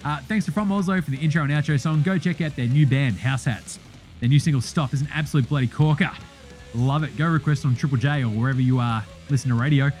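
A man's voice: medium pitch, fast talker, a little mellow, faint music behind. A man with an Australian accent hosting a podcast, speaking in a laid-back, sweary, casual way. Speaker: podcast host. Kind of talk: casual outro chat.

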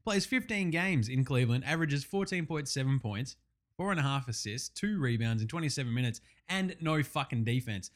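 A man with an Australian accent hosting a sports talk podcast, animated, slangy and sweary. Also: medium pitch, a little fast. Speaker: podcast host. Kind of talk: sports talk show monologue.

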